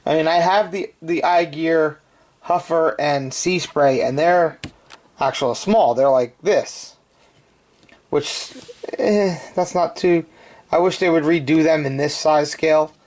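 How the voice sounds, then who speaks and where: A man's voice: on the high side, slow pace, darkish tone. A man chatting casually through a toy review, with joking asides.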